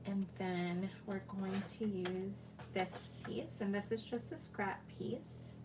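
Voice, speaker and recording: Lady crafting a card, real slow and chatty, talks to herself, noisy background hum. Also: mid-range voice, fairly even intonation. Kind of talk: casual crafting tutorial.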